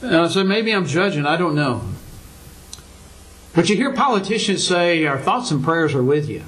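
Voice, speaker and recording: Higher-voiced older man preaching a sermon. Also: expressive, normal speed, a bit bright, rough recording. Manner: earnest preaching with many rhetorical questions, voice rising for emphasis.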